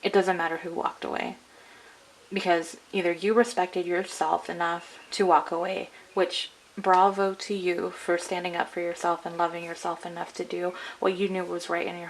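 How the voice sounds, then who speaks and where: A tarot reader with a fairly low, gravelly voice walks viewers through a reading, rambling chattily and leaning on "like" and "I'm getting." Her tone is casual and conversational, and the low-quality recording carries slight background noise.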